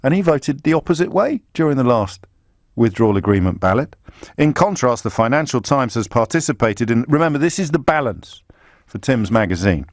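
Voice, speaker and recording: A man's voice: mid-range voice, very animated, fairly quick, no room sound, studio quality. A man hosting a live radio talk show, reading aloud on air with sarcastic, mocking asides. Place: radio studio. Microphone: studio microphone.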